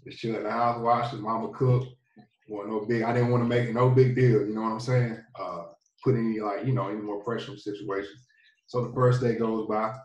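Relaxed football guy rambling on, lots of you know, echoey room, mic kinda far. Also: on the low side, dull audio. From North Carolina. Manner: laid-back, rambling, lots of fillers. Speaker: interview guest, pro football player. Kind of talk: casual storytelling. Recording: roomy, distant from the mic.

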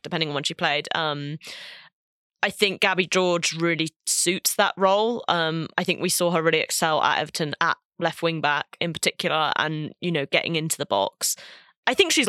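A woman guest on a podcast, giving quick, frank opinions in casual football chat. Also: sits low, bright, forceful tone, no echo, studio quality.

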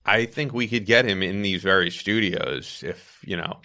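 A New York man with a faint local accent hosts a podcast in easy, bantering talk. His voice is low in pitch yet bright and forceful in tone, and he laughs easily along with his guest. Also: moderate pace. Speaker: podcast host. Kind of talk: casual podcast chat.

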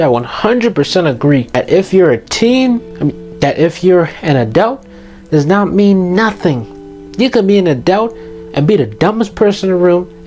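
High-pitched and a touch mellow, a teen youth vlogger offers his viewers passionate advice. It's an earnest motivational monologue in which he stresses and repeats his key points.

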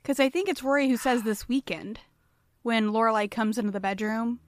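A woman's voice: a little high, fairly quick, no echo. A woman co-hosting a podcast in casual chat, reasoning things out matter-of-factly. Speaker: podcast co-host.

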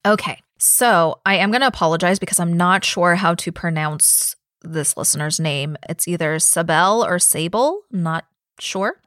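A woman's voice: on the low side, normal speed, a bit bright, dry recording. Chatty woman podcast host, dry close mic. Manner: chatty, reacts aloud while reading. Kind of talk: casual podcast chat and reading a listener story.

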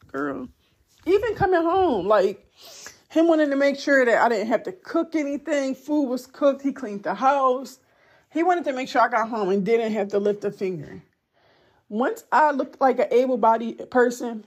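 A woman's voice: medium pitch, normal speed, darkish tone. A young woman hosting a podcast, telling a personal story in a conversational, emotional way with many "like"s. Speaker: podcast host.

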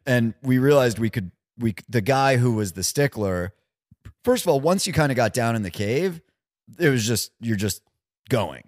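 A man's voice: medium pitch, expressive, moderate pace, no echo, studio quality. A man co-hosting a podcast, telling a story in a laid-back, rambling way. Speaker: podcast co-host. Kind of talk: casual chat.

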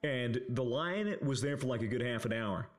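A man's voice: mid-range voice, lively intonation, moderate pace. A young man telling a casual story on a podcast, rambling with lots of fillers, swearing and laughing as he goes. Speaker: podcast co-host.

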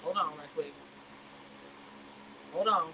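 A woman giving sassy, animated reality-show commentary on a live stream. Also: deep voice, takes it slowly, slight background noise, poor audio.

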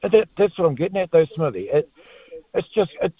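A New Zealand man calls a sports radio show over a tinny phone line. His pitch jumps around a lot as he rambles on in an excitable, slangy way. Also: fairly quick, breathy edge. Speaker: caller. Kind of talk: phone-in chat.

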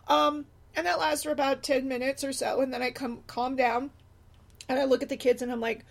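A woman's voice: a little high, fairly quick, vocal fry. A middle-aged woman, a single mother, talking casually in a rambling monologue, often slipping into quoted voices. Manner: chatty, animated asides and quoted voices. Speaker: blogger, single mom.

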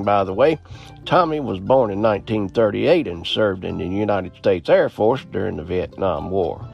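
A man's voice: on the low side, a little mellow. Earnest man narrating a history. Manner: earnest read-aloud with small slips and throat clearing. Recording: slightly dull lo-fi audio with faint music.

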